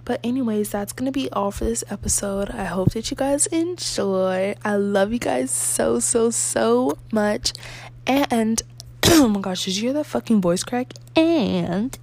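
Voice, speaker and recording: A woman's voice: on the high side, a little slow, gravelly, hardly any pauses, a little mellow. A woman hosting her own podcast in casual solo talk, rambling and repeating herself, recorded without a proper microphone. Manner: rambling and repetitive, with many fillers and restarts. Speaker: podcast host. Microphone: no proper microphone yet, a basic built-in mic.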